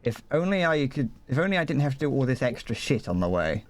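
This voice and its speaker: A man's voice: mid-range voice, big pitch swings, fast. A man from England streaming a game, rambling to his viewers, stuttering and restarting often, swearing casually. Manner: rambling, profane, chatting to viewers while playing. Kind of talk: casual gaming stream chat.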